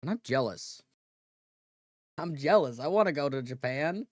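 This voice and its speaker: A man livestreaming in relaxed casual chat, rambling and correcting himself as he goes. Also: a little high, moderate pace, dry recording, studio quality.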